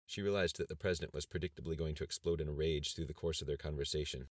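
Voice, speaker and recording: Deep-voiced male audiobook reader, dry close sound, moves along quick. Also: fairly even intonation, dry recording. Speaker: narrator. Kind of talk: audiobook narration.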